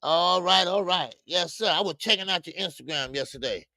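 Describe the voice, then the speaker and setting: A man's voice: sits high, a little fast, vocal fry, sharp tone, dry recording, clean studio sound. A man hosting a casual boxing talk livestream, slangy and rambling, greeting chat viewers by name and stumbling into stammered restarts. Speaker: boxing show host. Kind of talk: casual live-stream talk.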